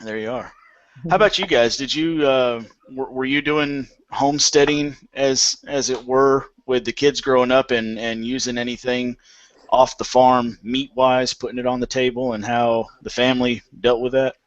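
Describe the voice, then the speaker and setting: Man, mid pitch, folksy host of a casual chat, dry and slightly muffled sound. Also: steady tone, moderate pace, no room sound. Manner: conversational, folksy, many restarts. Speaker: homesteading panel host. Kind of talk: casual panel discussion.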